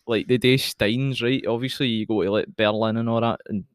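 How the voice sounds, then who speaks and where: Chatty young Scottish man, smooth voice. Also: mid-range voice, fairly even intonation, brisk, no room sound, studio quality. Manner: chatty, laughs a lot, rambling. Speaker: podcast co-host. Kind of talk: casual chat.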